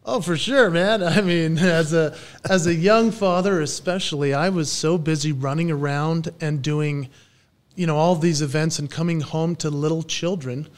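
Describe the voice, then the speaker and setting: A man in his forties, a stage entertainer and guest on a podcast interview, telling lively stories and acting out the voices he quotes. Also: a little high, normal speed. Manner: lively storyteller who acts out quoted voices.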